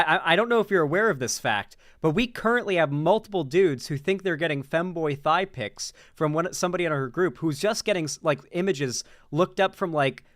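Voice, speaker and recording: A man's voice: fairly high pitch, fairly bright tone, dry recording. Rambling man with a dry close voice. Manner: rambling, repeats words, laughs at own jokes. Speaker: political commentary streamer. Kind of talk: casual livestream commentary.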